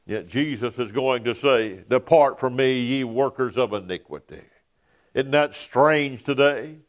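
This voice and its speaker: A man preaching a sermon in a church, filling pauses with "uh" and dropping to a near whisper on key words. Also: mid-range voice. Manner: preaching with frequent "uh" fillers, dropping to hushed emphasis.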